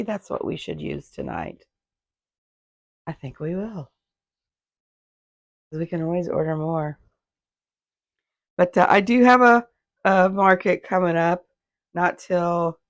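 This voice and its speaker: A woman with a slightly low, hoarse and gravelly voice, talking casually in her sewing vlog. She wanders off track and corrects herself as she goes. The sound is dry and close, caught on a phone in her home sewing room. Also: no echo. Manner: rambling, loses her thread and restarts. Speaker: handmade business owner, vlogger.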